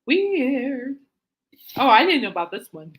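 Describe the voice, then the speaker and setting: A woman's voice: sits high, sing-song, a little slow, a bit bright. Giggly woman podcast host, reads articles aloud with amused asides, snort-laughs.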